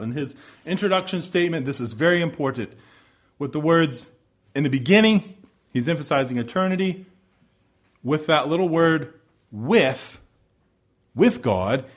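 A man preaching a sermon, building emphatic repeated phrases and dropping to hushed low endings. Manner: repetitive rhetorical build-ups.

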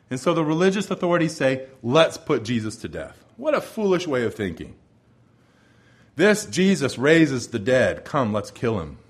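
A man preaching a sermon, his voice sitting a little higher than most men's. His delivery is lively and full of movement, dropping to hushed tones and then rising into loud proclamations. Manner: expressive preaching, swinging from soft hushed lines to loud proclamations. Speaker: pastor.

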